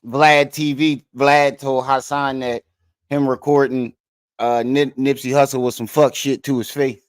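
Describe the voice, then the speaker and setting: A man's voice: medium pitch, level tone, a little slow, clear, resonant tone, dry recording. A man hosting a casual livestream from his living room, chatting with viewers, cursing freely and laughing at himself. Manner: profane, laid-back, laughs at himself while reading comments. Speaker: livestream host.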